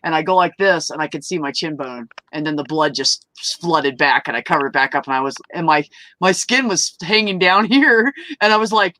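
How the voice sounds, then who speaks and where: A woman telling a personal story at an open mic, animated, swearing freely and laughing mid-story as she acts out the people in it. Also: low voice, brisk, a little hiss or hum. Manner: acts out quoted voices. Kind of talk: casual storytelling.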